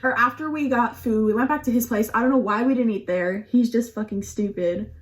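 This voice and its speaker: A woman's voice: fairly high pitch, a little fast, slight background noise. A young adult woman telling a casual storytime on her vlog, chatty and profane, with lots of "like". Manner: chatty and profane, heavy use of "like". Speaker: vlogger.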